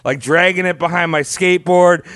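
A man's voice: high voice, steady tone, moderate pace, a bit bright, no echo. A man co-hosting a podcast, chatting in a joking, crude, rambling way. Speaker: podcast co-host. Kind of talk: casual chat.

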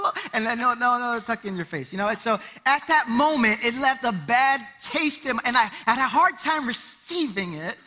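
A man in his thirties preaching a sermon in church, telling family stories and acting out the voices. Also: extremely high pitch. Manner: animated storytelling, acting out voices and cries. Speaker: pastor.

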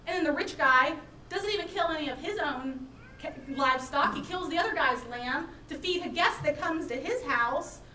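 A woman's voice: high voice, animated, normal speed, sharp tone, echoey room, far from the mic, a little hiss or hum, pitched above the performer's own voice. A woman acting out a prophet who rebukes a king, emphatic and without drama. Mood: storytelling. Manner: emphatic, unemotional. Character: calm, emphatic prophet confronting a king, man.

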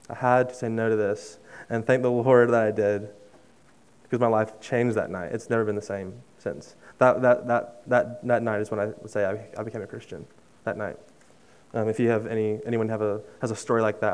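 A young man preaching in a smooth, resonant voice at an ordinary middle pitch. He talks earnestly and conversationally, restarting his phrases, and sinks to a near-hush on heartfelt lines. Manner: drops to a soft hush on emotional lines. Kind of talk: sermon with personal story.

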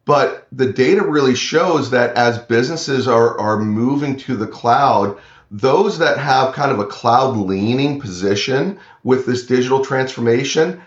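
A man's voice: medium pitch, measured pace, reverberant, highs cut off. A man talking about cloud security as an interview guest from his home, earnest and often repeating words as he speaks. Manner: earnest, repeats words, quotes imagined clients. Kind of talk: remote interview.

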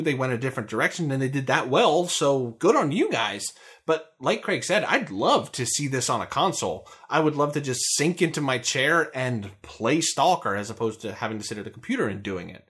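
A man co-hosting a casual video game podcast, chatting in a jokey, animated way with frequent fillers and laughs. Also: medium pitch, fairly quick, slightly rough. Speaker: podcast co-host. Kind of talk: casual chat.

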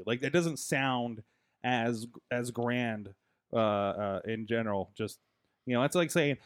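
A man's voice: mid-range voice, a little slow, no echo, studio quality. A man hosting a casual wrestling talk show, speaking hesitantly and prompting his guests with questions. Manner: hesitant, many fillers and restarts, asks prompting questions. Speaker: podcast host. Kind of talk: casual chat.

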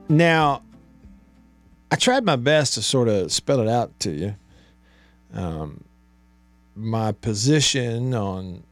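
A man hosting a sports talk radio show in a studio, animated and exasperated, asking rhetorical questions. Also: medium pitch, no room sound. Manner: animated, exasperated, rhetorical, rising to near shouts. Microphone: studio microphone.

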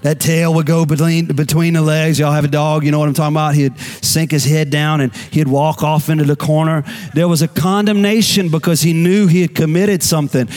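Male pastor, slightly high voice, animated sermon delivery. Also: a little fast, few pauses. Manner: animated preaching, repeats key phrases.

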